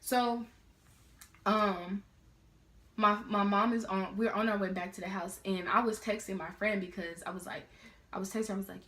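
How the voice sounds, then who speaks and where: A teenage girl telling a story in a casual, slangy, animated way. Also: mid-range voice, fairly quick. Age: teens. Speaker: vlogger. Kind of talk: storytime vlog. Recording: roomy echo.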